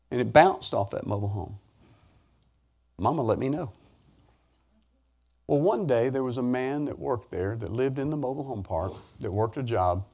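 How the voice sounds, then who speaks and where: Folksy preacher man telling stories. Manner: animated, folksy storytelling with sudden rises in pitch and volume. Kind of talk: sermon storytelling.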